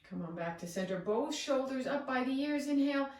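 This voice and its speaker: A woman yoga teacher leading a guided breathing meditation with slow, soothing cues. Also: high-pitched, lively intonation, darkish tone, far from the mic. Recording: echoey room, away from the mic.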